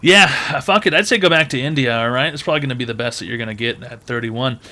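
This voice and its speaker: A man's voice: medium pitch, racing, pushed and bright. A man hosting a call-in advice show, giving blunt, crude, mocking advice and swearing freely.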